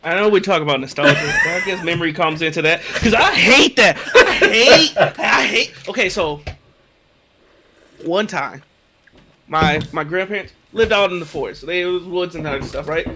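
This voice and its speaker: A man's voice: high-pitched, wildly swooping pitch, normal speed, a crowd in the background. A man co-hosting a podcast, telling a story in casual chat and laughing as he talks. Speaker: podcast co-host.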